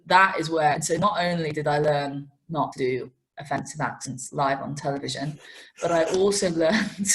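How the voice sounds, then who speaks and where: Low-voiced woman telling stories. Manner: animated, self-mocking storyteller. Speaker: racing TV presenter. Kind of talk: interview anecdotes.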